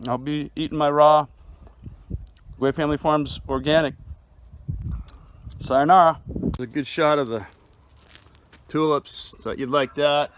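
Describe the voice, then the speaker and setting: Poor audio with slight background noise captures a higher-voiced man touring his farm garden outside on a handheld phone. Relaxed and conversational, he refers to viewers as "man" and "dude," chewing food at times.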